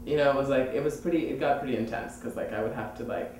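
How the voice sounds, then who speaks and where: A man recounting a hard personal experience in a hesitant, halting way. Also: medium pitch, darkish tone. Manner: hesitant, halting, many fillers. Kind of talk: personal testimony. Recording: very echoey room, mic far off, faint noise.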